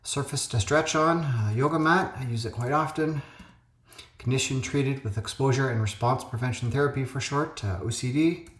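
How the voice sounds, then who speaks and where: A man's voice: medium pitch, moderate pace, fairly bright tone. A man hosting a puzzle video, talking casually through his solves and thinking aloud with lots of ums and uhs. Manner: thinks aloud with frequent fillers. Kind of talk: casual solo commentary. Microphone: phone webcam. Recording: echoey home room.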